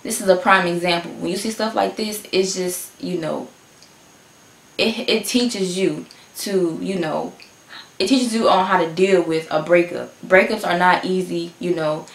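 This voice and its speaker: Female reaction host, low-pitched, loose and emotional, repeats herself. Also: fairly even intonation, unhurried, echoey room. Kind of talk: casual reaction commentary.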